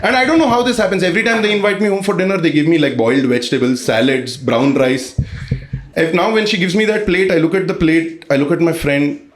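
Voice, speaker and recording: A man with an Indian English accent performs a stand-up set, telling animated stories full of crude slang. His voice sits high for a man. The live room is echoey, with loud noise behind him. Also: fast talker. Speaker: stand-up comedian. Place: comedy club stage with audience laughing.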